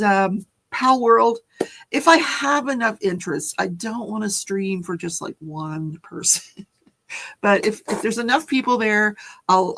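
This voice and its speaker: A woman's voice: mid-range voice, vocal fry, fairly bright tone. An older woman hosting a casual live stream, chatty and rambling, laughing often as she talks.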